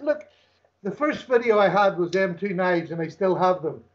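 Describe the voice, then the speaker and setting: A man's voice: sits high, expressive, moderate pace, lo-fi sound, a little hiss or hum. An older man with an Irish accent, a podcast guest telling stories in a casual, chuckling way. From Ireland. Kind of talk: casual storytelling chat.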